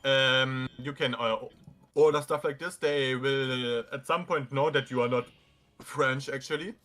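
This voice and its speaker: A man's voice: mid-range voice, steady tone, measured pace, bright, forceful tone. A man from Germany in casual chat, rambling with lots of fillers and swearing freely.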